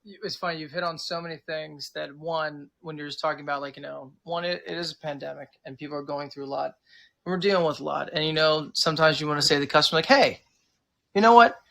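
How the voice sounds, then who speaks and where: A man's voice: fairly high pitch, fast, vocal fry. An American man who runs a pub, chatting casually in an interview and rambling through stories while acting out customers' lines. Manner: rambling, animated, acts out customers. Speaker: pub owner and manager.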